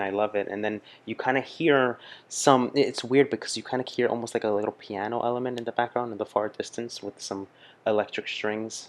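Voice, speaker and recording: A man hosting a music reaction video, talking in a casual, gushing way with lots of fillers and restarts. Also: lowish voice.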